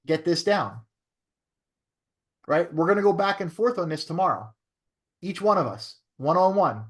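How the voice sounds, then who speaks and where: A man who is a real estate broker teaching a training class in a coaching way, often checking in with "right?". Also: a little high.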